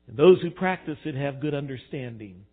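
A man preaching a sermon, animated, swinging between quiet reflection and loud emphasis. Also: mid-range voice, normal speed, slightly rough. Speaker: pastor. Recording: tinny phone-like sound.

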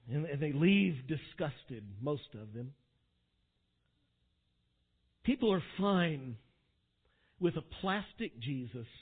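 A male pastor preaching a sermon, swinging from quiet asides to loud, dramatic quotations. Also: fairly high pitch, husky. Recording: tinny phone-like sound.

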